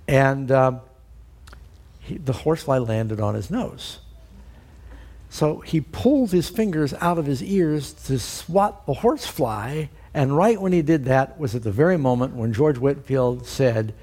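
A middle-aged man preaching a sermon at an ordinary, middle pitch. He tells stories in a loose, chatty way, pausing on "uh" and "you know" as he goes. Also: darkish tone. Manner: conversational storytelling with fillers.

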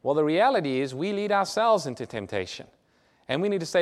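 A man's voice: on the high side, lively intonation, quick pace. A man preaching a sermon, reading scripture aloud, explaining it and asking his listeners rhetorical questions. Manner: asks the audience rhetorical questions. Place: church or lecture hall with a screen.

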